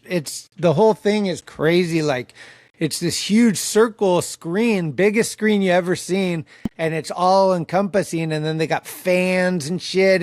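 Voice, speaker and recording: A man's voice: sits high, a little mellow, no echo, clean studio sound. Laid-back man hosting a podcast. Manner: laid-back, chatty, casual swearing. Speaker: podcast host. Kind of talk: casual interview chat.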